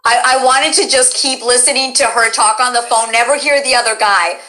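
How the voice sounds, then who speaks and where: A woman's voice: on the high side, steady tone, fairly quick, bright, forceful tone. A woman hosting a casual interview stream, upbeat and encouraging toward her guest. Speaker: stream host.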